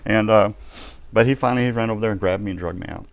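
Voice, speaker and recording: A man giving a personal testimony in a ministry live stream, telling his story vividly and acting out the shouts and reactions of the people in it. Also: fairly low pitch, quick pace, no room sound.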